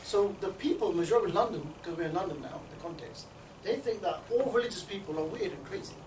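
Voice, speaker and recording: A man training a group in street outreach, talking in a rapid, chatty way and often checking in with his listeners. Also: sits high, lively intonation, noisy background. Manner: rapid, chatty, keeps checking in with "yeah?" and "right?". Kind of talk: instructional group talk. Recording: echoey room, mic at a distance.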